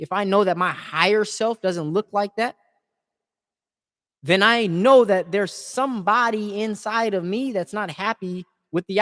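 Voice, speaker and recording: A man's voice: high-pitched, big-room sound. A man speaking in an impassioned, informal preaching style, earnest and repeating words as he builds his points.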